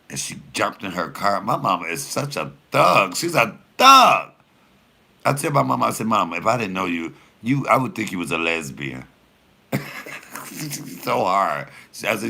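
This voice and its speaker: A man in his fifties, a comedian, telling a rowdy story in an animated way, acting out the quotes and swearing freely. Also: low-pitched, gravelly. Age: 50s. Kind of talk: storytelling during a cooking chat.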